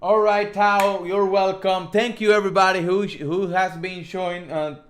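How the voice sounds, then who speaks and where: A man's voice: high voice, flat delivery, normal speed. A man with a thick Spanish accent hosting a casual live stream, reading viewer questions aloud and rambling with many restarts and self-corrections. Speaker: host.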